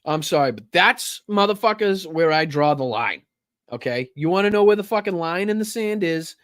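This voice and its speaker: Guy yelling and cursing on his political stream, highish voice, stumbles over his words, dry sound. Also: expressive, no echo. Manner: angry, profane, heated ranting; quick stammering restarts. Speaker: political commentary host. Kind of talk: livestream political rant.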